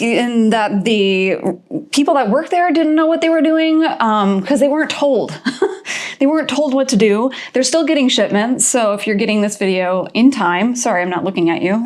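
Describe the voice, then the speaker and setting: A woman craft vlogger chatting casually and excitedly, often laughing at herself, a little out of breath. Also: fairly high pitch. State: a bit out of breath. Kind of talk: casual shop-with-me vlog chat.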